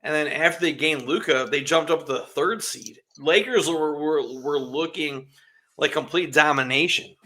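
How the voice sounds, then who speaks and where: A man co-hosts a casual sports podcast in a fairly high, pushed and bright voice at a moderate pace. He rambles, stumbling over names and restarting his sentences.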